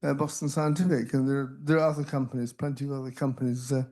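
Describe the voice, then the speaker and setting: An older man on a panel telling stories about his treatment, halting and self-deprecating, with many restarts. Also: medium pitch, level tone, dark tone. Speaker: panelist, researcher with Parkinson's. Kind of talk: casual anecdotal talk. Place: conference hall.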